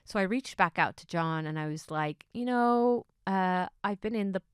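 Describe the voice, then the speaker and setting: A middle-aged woman hosts her own podcast, chatting through a personal story. Her voice sits on the low side and stays smooth and clear, recorded dry and close. She drops into quiet asides, then bursts into excited enthusiasm. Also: normal speed, no room sound. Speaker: podcast host. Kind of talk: casual solo podcast storytelling.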